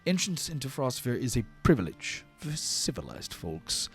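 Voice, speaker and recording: A man voicing a smug, officious male elven clerk who speaks in a prim, condescending, measured way. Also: mid-range voice, sing-song, soft background music, voice pushed up.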